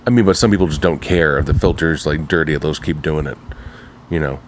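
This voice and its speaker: A man's voice: rumbling low, fast, slight background noise. A laid-back man talking as a guest in a casual livestream chat.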